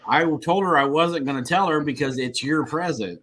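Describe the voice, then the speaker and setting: A man's voice: fairly high pitch, normal speed, noisy background. A married man co-hosting a casual podcast, blunt and teasing, full of profanity. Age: adult, married. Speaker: podcast co-host.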